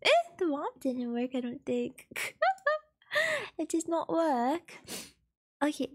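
A woman's voice: high-pitched, wildly swooping pitch, slow. A woman with a stuffy, congested nose, chatting casually and playfully with her live-stream audience, giggling and teasing. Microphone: desk microphone.

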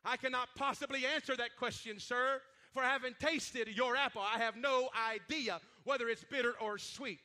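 A formal, precise male scholar, as a preacher puts him on. The tone is measured and learned. The voice is very high and sounds very bright. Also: fairly even intonation, full character voice.

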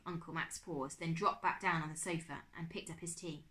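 A woman teacher reading a children's novel aloud to her class in an expressive, animated way. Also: low-pitched, moderate pace, hardly any pauses.

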